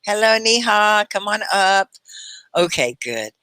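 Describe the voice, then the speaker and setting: A woman hosting a live online English class, greeting students warmly and praising them. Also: mid-range voice, animated, no room sound. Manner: effusive, praising and welcoming; talks slowly at points for learners. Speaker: English teacher hosting a livestream.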